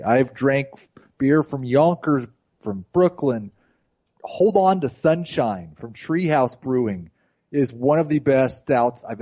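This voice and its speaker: An eager, fast-talking man joins a podcast as its regular guest, his voice pitched in the middle range. The remote audio sounds dull and lo-fi. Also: a little mellow. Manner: enthusiastic, quick, talkative. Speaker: guest fantasy football analyst. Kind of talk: casual podcast chat. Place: hotel.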